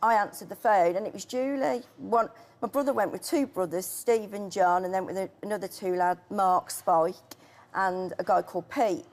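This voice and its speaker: Middle-aged woman, interview guest, emotional halting recollection, average pitch. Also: darkish tone. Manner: tearful, halting storytelling. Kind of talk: emotional personal account.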